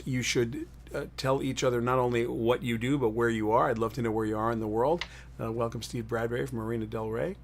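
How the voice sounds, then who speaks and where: Man, live-stream host, upbeat, rambling, mid-pitched voice. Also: slightly rough. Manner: rambling, greets viewers in chat. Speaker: host of a live tech show. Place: in New York City.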